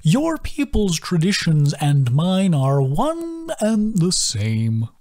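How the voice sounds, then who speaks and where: A man voicing a slow, sing-song turtle-man mentor who drawls and croons with wide pitch swings. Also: wildly swooping pitch, a little mellow, heavily acted. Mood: conspiratorial. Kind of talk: audiobook character voice.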